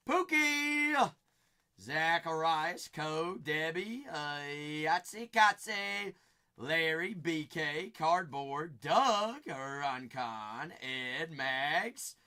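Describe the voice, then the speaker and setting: Bright, energetic male break host. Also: a little high. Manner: playful, sing-song, bursts of shouting; rattles off names rapidly. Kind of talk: live-stream card break banter.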